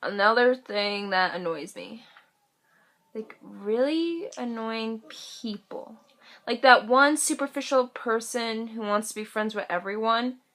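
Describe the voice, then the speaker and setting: A woman's voice: fairly high pitch, takes it slowly, fairly bright tone. A teenage woman ranting in a casual vlog, chatty and sassy, full of "like" and playful mocking voices. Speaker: vlogger.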